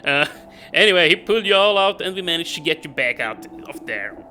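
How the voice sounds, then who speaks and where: A man's voice: fairly high pitch, animated, fairly quick, pushed and bright, soft background music, poor audio. A man commentating a game casually, reading the text aloud and laughing often. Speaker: let's play gamer.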